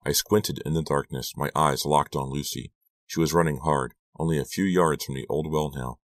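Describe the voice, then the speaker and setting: A man with an extremely deep voice narrates an audiobook in steady, measured storytelling. The sound is close and completely dry, with no room echo. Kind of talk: scripted narration.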